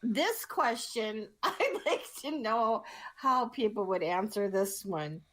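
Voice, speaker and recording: A woman's voice: a little high, lively intonation, slow, a bit bright. A woman hosting a casual podcast chat, laughing often between her lines. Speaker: podcast host.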